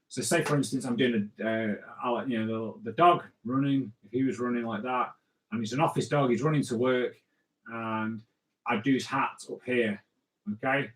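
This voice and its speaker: A man's voice: on the high side, a bit bright. A middle-aged man teaching kids to draw comics, chatting as he draws and checking in with "okay?" and "right?". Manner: chatty, talks while drawing, lots of "okay?" and "right?". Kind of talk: drawing lesson for kids. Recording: roomy echo.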